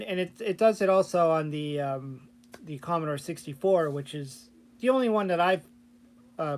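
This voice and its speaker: A man's voice: a little high, slight background noise. A man chatting casually on his channel about programming old console games, rambling with lots of fillers and restarts. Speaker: vlogger and hobby game programmer. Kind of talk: casual chat.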